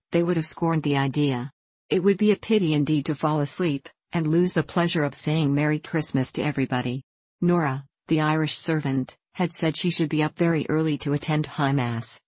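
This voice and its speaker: Storybook narrator, woman, low-pitched, gentle and even, dry booth. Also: normal speed, dry recording.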